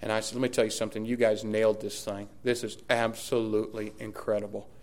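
A man, a pastor preaching a sermon and telling a story with lively, emphatic repetition. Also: on the low side, fast.

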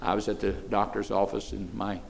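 An older man, preaching to children, moving between soft, folksy asides and loud, emphatic declarations. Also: on the low side, flat delivery, moderate pace, gravelly, slight background noise. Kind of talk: sermon to children.

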